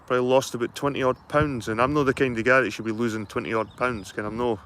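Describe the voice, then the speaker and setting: A man's voice: medium pitch, steady tone, quick pace, fairly bright tone, slight background noise. Middle-aged man, rambling and sweary. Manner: rambling, sweary, matter-of-fact. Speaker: livestreaming vlogger. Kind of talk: casual chat to live viewers. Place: outdoors at a garden allotment.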